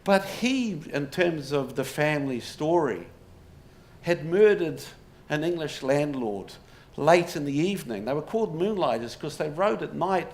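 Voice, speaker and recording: A man with a fairly high pitch, lively intonation, and a darkish tone speaks unhurriedly to a live pub audience. His public lecture mixes storytelling, wry humour, and rhetorical questions, with audience laughter and faint room noise in the background.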